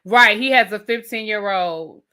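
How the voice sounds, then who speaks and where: Incredulous, bright-voiced woman ranting. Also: medium pitch, smooth. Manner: blunt, incredulous, rapid-fire rhetorical questions. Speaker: TV review host. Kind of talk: casual rant review.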